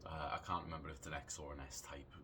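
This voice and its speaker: A deep-voiced man in his late thirties tells a long anecdote in a loose, chatty way. He rambles and restarts, swears casually and leans on fillers. There is a faint hiss of noise behind him. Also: flat delivery, very fast. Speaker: podcast storyteller.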